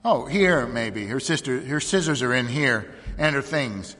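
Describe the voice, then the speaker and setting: A man's voice: medium pitch, lively intonation, unhurried, pushed and bright, in a large hall. A man reading a story, voicing an earnest, plain-spoken middle-aged farm wife who cries out urgently.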